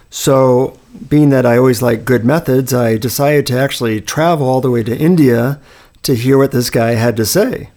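A man hosting a conversation, telling a personal story in a relaxed, anecdotal way. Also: mid-range voice, creaky. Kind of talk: casual storytelling chat.

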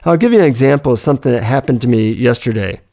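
Man, gravelly voice, reflective, self-help talk, personal stories. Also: mid-range voice, fast talker, mellow.

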